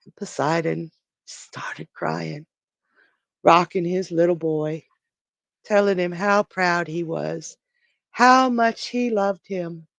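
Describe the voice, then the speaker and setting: A storyteller on a live stream, narrating a myth dramatically, with pauses and restarts. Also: mid-range voice, gravelly, a bit bright, no echo.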